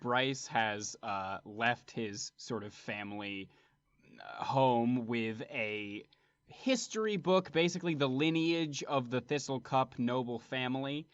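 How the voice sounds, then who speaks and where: A relaxed, friendly man co-hosting a show and playing a character in a tabletop game. The sound is dry and a bit dull, close to a plain home mic. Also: medium pitch, slow, smooth, dry recording. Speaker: co-host and player.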